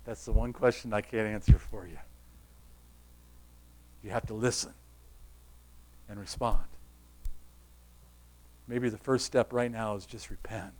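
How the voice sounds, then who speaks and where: A man preaching a sermon, pressing his listeners with repeated rhetorical questions and sinking to a soft, quiet close. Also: fairly low pitch, steady tone, measured pace, long pauses.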